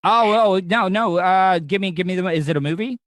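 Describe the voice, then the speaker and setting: A man's voice: sits high, fairly quick, no room sound. Man, chatty podcast host, eager, restless, fillers everywhere, bone-dry sound. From Southern United States. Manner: excitable, rambling with many fillers and restarts. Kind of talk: casual interview chat.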